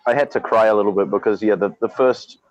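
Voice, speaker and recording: A man on a livestream panel, talking casually in halting bursts full of restarts. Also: on the low side, fairly even intonation, muffled recording. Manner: halting, many restarts and stammers.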